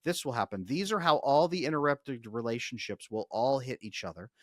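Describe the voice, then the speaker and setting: Energetic man coaching on a podcast. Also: mid-range voice, moderate pace, no echo, studio quality. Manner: energetic, talks through ideas with frequent restarts. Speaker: podcast guest, relationship coach. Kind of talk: casual explanatory podcast talk.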